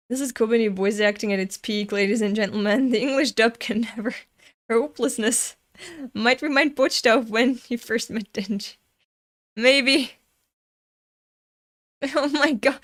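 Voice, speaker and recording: Giggly woman from Europe, high voice, unhurried comic reaction host. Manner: excitable, bursts into giggling fits. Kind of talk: casual reaction commentary.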